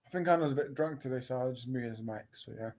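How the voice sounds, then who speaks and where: A man's voice: medium pitch, quick pace. A man hosting a football watchalong, chatting casually with teasing, slangy banter. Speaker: watchalong host. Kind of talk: casual live commentary chat.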